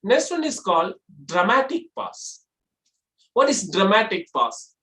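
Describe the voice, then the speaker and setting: A public speaking trainer, lecturing to a class at a middle pitch. The trainer walks through each point in order, asking a rhetorical question and then answering it. The voice carries a roomy echo. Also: sing-song, measured pace, bright, forceful tone.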